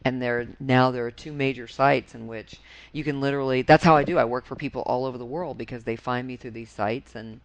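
A woman with a Southern US accent, a voice actor chatting as a podcast guest, animated and laughing often. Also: a bass voice, fairly quick. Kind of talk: casual podcast chat.

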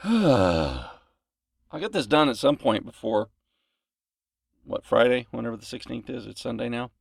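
A man's voice: medium pitch, sing-song, a little slow, vocal fry, husky, no room sound, studio quality. A man recording voice lines in a home closet, out of breath and rambling in self-mocking asides between takes. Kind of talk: casual outtakes chatter.

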